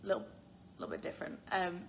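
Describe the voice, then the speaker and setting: A fast-talking young British woman chats on a live stream from her phone, with a little hiss or hum in the background. Answering viewer questions, she rambles casually, full of fillers and giggles.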